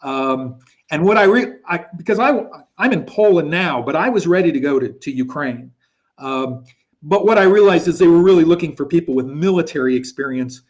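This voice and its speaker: A man with a slightly raised pitch hosts a live online show in easy, chatty speech. He thinks aloud as he goes, keeping it casual. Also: animated, moderate pace. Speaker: show host. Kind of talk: casual live-stream hosting. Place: Poland. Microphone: video call.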